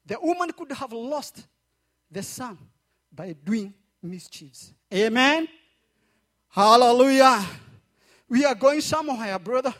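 A man preaching, his voice pitched very high. He tells a story to the congregation and keeps repeating phrases, pulling them into call-and-response. His delivery rises and falls in a lively way. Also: slow pace. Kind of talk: sermon with storytelling.

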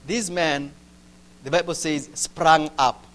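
High-voiced preacher, dynamic. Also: male voice, fairly even intonation, slow. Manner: dynamic, swings from loud urgency to hushed quiet. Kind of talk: sermon.

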